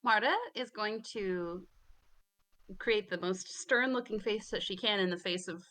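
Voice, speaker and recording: A woman describing her character's actions in a tabletop game, halting over words and giggling. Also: mid-range voice, a bit bright. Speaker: player.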